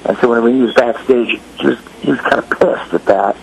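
Middle-aged man, gravelly voice, lively anecdotes, faint noise behind. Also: mid-range voice, brisk. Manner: animated, acts out quotes in raised voices. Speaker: guest musician. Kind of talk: casual storytelling chat.

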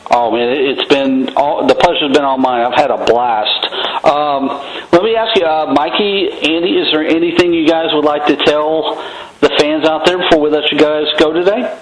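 A man's voice: on the high side, steady tone, normal speed, echoey room, a little hiss or hum, rough recording. A man hosting a radio interview, chatting casually with plenty of fillers. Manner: easygoing, rambling with fillers. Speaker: radio show host.

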